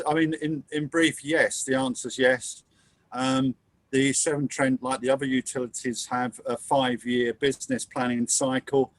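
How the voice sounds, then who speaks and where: A man's voice: medium pitch, no room sound. An easygoing man from England runs the question session of an online meeting. He talks through fillers and restarts, his voice close and dry from a computer mic. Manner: relaxed, hesitant, many fillers. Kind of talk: hosting a video call Q&A. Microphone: computer mic on a video call.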